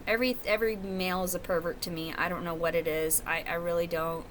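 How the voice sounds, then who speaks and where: A woman's voice: on the low side, steady tone, quick pace, a bit bright, slight background noise. A woman talking to camera at home in a rambling, profane, confessional monologue. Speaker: vlogger. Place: at home, indoors.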